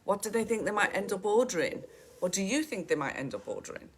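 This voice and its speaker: A woman's voice: mid-range voice, expressive, fast talker, a little hiss or hum. A middle-aged woman giving a chatty, direct coaching talk to photographers and calling them "guys".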